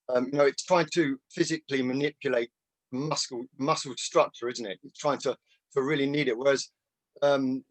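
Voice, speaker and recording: A man's voice: fairly high pitch, no echo. Man explaining in a dry close sound. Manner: earnest, explanatory, with many fillers and restarts. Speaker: group participant. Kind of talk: casual group chat.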